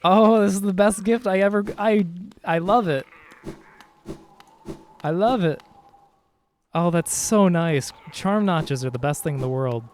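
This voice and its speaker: Chatty male streamer, slightly high voice. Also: a little slow, pauses often, a little hiss or hum. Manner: chatty, jokey, reads game dialogue aloud. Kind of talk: casual gameplay chat. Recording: faint game music behind.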